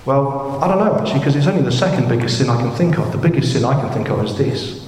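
A man in his thirties preaching a sermon, chatty and jokey, with sudden excited rises. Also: mid-range voice, quick pace, slight background noise. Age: 30s. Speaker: pastor. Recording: echoey hall, faint room ambience.

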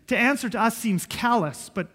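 Emphatic preacher, high voice, long reverb. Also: male voice, normal speed, bright, forceful tone. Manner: emphatic, repeats and checks in with "okay?". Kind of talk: sermon.

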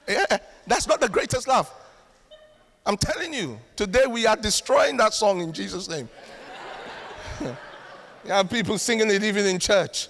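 A man with a high voice delivers a sermon as a pastor. He preaches emphatically, bursting out loudly at times and dropping into dry asides. His voice rings with the long reverb of a large hall. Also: expressive, moderate pace, long pauses.

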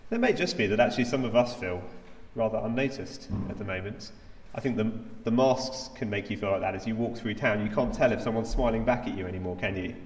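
A man's voice: fairly low pitch, slight background noise. A man giving a sermon as a preacher, in a conversational, reflective way with frequent fillers. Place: church hall. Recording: echoey church hall.

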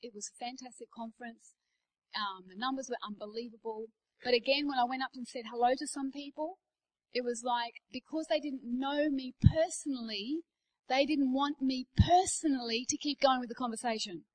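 A woman in her forties preaching to church leaders in a fairly high voice. She talks conversationally, drawing on her own family stories. She drops into quiet asides, then rises into emphatic declarations. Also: normal speed, rough recording. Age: 40s. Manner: personal storytelling, swings between hushed asides and emphatic declarations. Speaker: pastor speaking at a leadership day. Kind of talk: conversational sermon.

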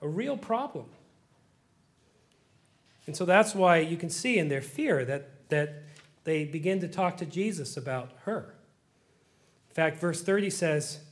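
A middle-aged man delivers a sermon with a notably high-pitched voice. He drifts between hushed, reflective asides and surging, impassioned stretches where he acts out pleading prayers. His delivery is expressive and heartfelt. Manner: swings from quiet musing to loud impassioned pleading. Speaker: pastor.

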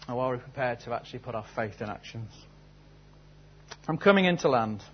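A man's voice: mid-range voice, animated, a little fast, dull audio, a little hiss or hum. A man preaching a sermon, telling a story and then asking earnest, searching questions. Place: church service.

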